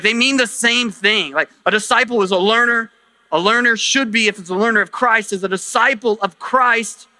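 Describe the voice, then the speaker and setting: A man's voice: sits high, bright, forceful tone, no room sound. A male pastor preaching a sermon, emphatic, with rhetorical questions and repeated phrases. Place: church sanctuary.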